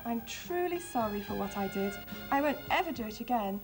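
A woman's voice: on the high side, animated, fairly quick, over music. Woman doing a bossy storybook bear. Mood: sorry. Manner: demanding, pushy. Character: bossy selfish male bear, later sorry.

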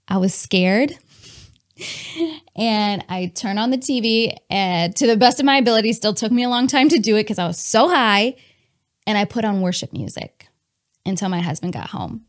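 A woman telling a personal testimony in a candid, animated way, talking to her listeners as y'all and laughing between lines. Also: medium pitch. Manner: chatty with many fillers and laughs.

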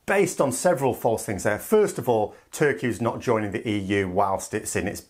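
A man from the United Kingdom, giving sardonic, animated political commentary in a casual vlog. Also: on the low side, moderate pace. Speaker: political vlogger.

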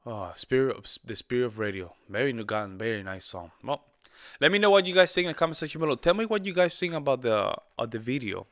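A man's voice: medium pitch, expressive, fast, hardly any pauses, a bit bright, dry recording. A man hosting a music reaction video, chatting casually and repeating himself, often calling listeners bro and man. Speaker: music reaction channel host.

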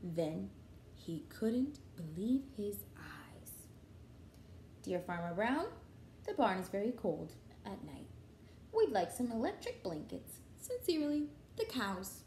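A woman teacher reading a children's picture book aloud in a sing-song, expressive way. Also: a little hiss or hum. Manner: sing-song, highly animated, slow and expressive. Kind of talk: storybook read-aloud for children. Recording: echoey room.

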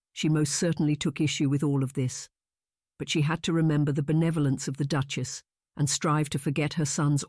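An audiobook narrator reading a historical romance in an even, unhurried style. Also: medium pitch, dry recording, clean studio sound. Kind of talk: scripted narration.

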